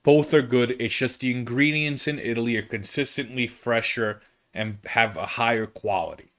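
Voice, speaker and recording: An American comedian chatting casually about a trip, rambling and interrupting himself, often checking in with "okay?". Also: male voice, mid-range voice, moderate pace, a bit bright. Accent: American English. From United States. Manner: rambling, self-interrupting, keeps asking "okay?". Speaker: comedian telling a travel story. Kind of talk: casual chat.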